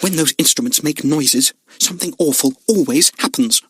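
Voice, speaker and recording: A man voicing a harsh, loud, superstitious woman in an audiobook, full of ominous warnings. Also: on the high side, normal speed, slightly rough, dry recording, clean studio sound. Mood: frightened. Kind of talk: audiobook character voice.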